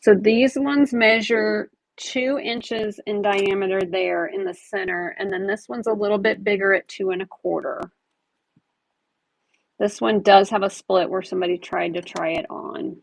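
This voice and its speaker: Gravelly-voiced woman running a live sale. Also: medium pitch, steady tone, unhurried, rough recording. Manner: chatty, describes items while handling them. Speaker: online jewelry seller running a live auction. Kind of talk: casual live-stream selling chat.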